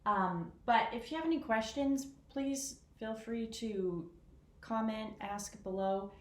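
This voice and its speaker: A woman talking casually through how she practices a piano piece, chatty and self-deprecating, counting rhythms out loud. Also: fairly high pitch, slow pace. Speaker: piano teacher. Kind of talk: casual piano lesson vlog. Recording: echoey room with piano. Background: piano playing.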